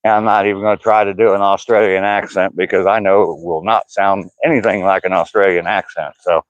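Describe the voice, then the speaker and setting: An older man strolls along an outdoor trail, laughing and cracking jokes as he reads chat comments aloud. His voice sits a little low, and the phone audio is dull and dry. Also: steady tone, a little fast, no room sound. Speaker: vlogger. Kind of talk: casual live-stream chat while walking.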